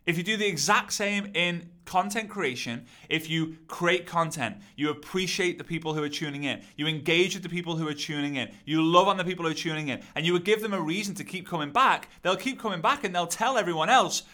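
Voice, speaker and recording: A man coaching on content creation in an energetic, repetitive, rallying teaching monologue. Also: sits high, fairly quick, few pauses.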